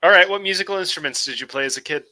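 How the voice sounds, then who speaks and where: Guy hosting a chill live stream, super bright voice, jokey. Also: high-pitched, racing. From moved to Montana from elsewhere. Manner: reads viewer comments, joking and laid-back. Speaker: host. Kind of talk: casual live stream chat.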